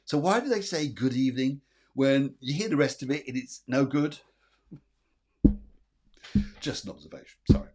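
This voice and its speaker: A man's voice: fairly high pitch, animated, normal speed, pauses often, a little mellow, slight background noise. Chatty male psychic doing live readings. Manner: chatty, reassuring, many fillers and repeats; reads viewer comments aloud. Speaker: psychic medium.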